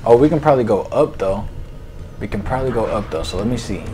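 Excitable young man narrating his gameplay. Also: on the low side, quick pace, noisy background. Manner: excitable, talks to his viewers, swears mildly. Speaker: gaming video creator. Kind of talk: casual gameplay commentary. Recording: game music loud behind the voice. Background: game music.

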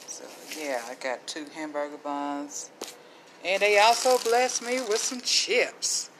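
A woman's voice: on the low side, steady tone, slow, background noise. A middle-aged woman vlogger chatting casually to camera as she shows her food haul, with faith-filled asides.

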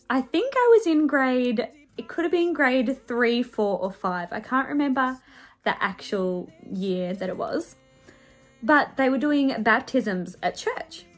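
A young woman presenting to children on a church show, telling a personal story in a bubbly, sing-song way and acting out the voices. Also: a little high.

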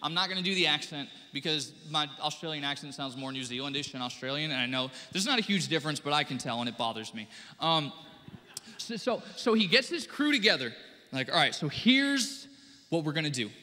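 A man preaching a sermon as pastor, animated and acting out the people he quotes. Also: fairly high pitch, brisk. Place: church sanctuary. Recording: church hall with long reverb.

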